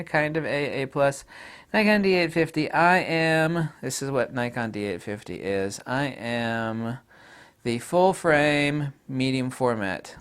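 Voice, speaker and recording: A man giving an off-the-cuff camera review, blunt and jokey, jumping from loud outbursts to low mutters. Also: clear, resonant tone.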